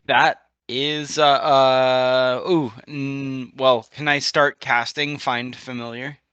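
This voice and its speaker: A man's voice: medium pitch, level tone, takes it slowly, fairly bright tone, clear, resonant tone, muffled recording. A man playing in a tabletop game, talking casually and hesitantly. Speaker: player.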